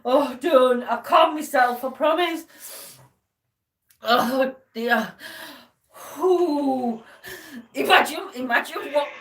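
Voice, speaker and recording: A woman's voice: slow, fairly bright tone. A woman hosting a paranormal chat, helpless with laughter and teary, squealing and gasping between words. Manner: giggly, gasping, high squeals. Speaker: paranormal show host. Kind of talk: casual livestream chat. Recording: roomy, from a distance.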